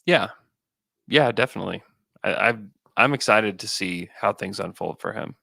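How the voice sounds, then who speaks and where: Man, podcast co-host, gravelly, bright, relaxed rambling chat. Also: fairly low pitch, normal speed, no room sound. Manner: relaxed, thinks aloud with fillers and restarts. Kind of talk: casual basketball chat.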